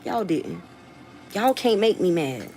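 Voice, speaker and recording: A woman's voice: medium pitch, very animated, slow pace, a little mellow, a little hiss or hum, rough recording. A woman with a Southern US accent, a mother, talking straight to her viewers in a blunt, defiant way with plenty of swearing. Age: adult, a mother. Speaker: vlogger and rapper. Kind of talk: casual talk to viewers.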